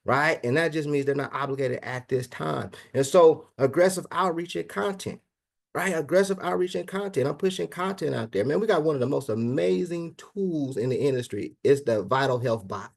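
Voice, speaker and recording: A man giving a high-energy motivational business presentation over an online meeting. He talks casually, calling out "man" and "guys" and checking in with "right?" after nearly every point. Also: moderate pace, gravelly. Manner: high-energy, keeps asking the audience "right?".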